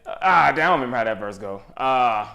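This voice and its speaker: A man's voice: medium pitch, animated, a little fast, creaky, lo-fi sound, over a noisy crowd. A man co-hosting a podcast in casual chat, giggling often and trailing off mid-sentence. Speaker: podcast co-host.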